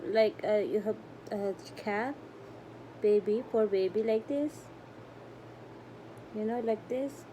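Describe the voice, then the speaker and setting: A woman's voice: fairly high pitch, dark tone, slight background noise. A middle-aged woman, chatting to viewers about her cat at home, fond and rambling in broken English. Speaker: pet vlogger. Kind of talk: casual vlog talk to her cat and viewers.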